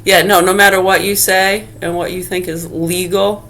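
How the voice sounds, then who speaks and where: A woman's voice: lowish voice, flat delivery, moderate pace, few pauses, fairly bright tone. A middle-aged woman vlogging in a casual, sarcastic rant full of swearing. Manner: profane, sarcastic, heated. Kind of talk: casual ranting monologue.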